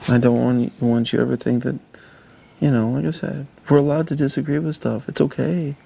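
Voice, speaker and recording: A man's voice: mid-range voice, fairly even intonation, brisk, gravelly, mellow, slight background noise. A young man talking earnestly and reassuringly to his partner, often restarting his sentences. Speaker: reality show houseguest. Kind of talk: intimate casual talk.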